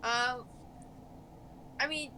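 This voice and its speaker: A woman's voice: high-pitched, steady tone, very slow, pushed and bright, a little hiss or hum. A woman player in a casual tabletop game, hesitant and wry with many fillers.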